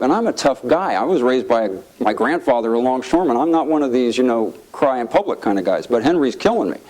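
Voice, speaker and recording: In a low-quality recording, a middle-aged former congressman with a mid-range voice gives an anecdotal speech to an audience. He tells his stories with energy, acting out the quotes in a raised voice.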